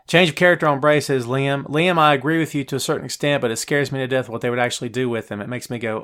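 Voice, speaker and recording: A man's voice: mid-range voice, quick pace, few pauses. A man hosting a live wrestling talk show, chatting casually and reading viewers' names aloud, recorded on a phone and a bit out of breath. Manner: chatty, animated, reads chat names aloud. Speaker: podcast host.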